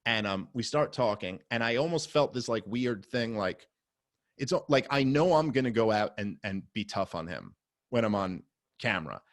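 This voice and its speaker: A man's voice: lowish voice, expressive, moderate pace, dry recording, clean studio sound. Man swearing through a casual story. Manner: storytelling, swearing, many fillers; rises to loud heated outbursts. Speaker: podcast guest. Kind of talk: casual podcast conversation.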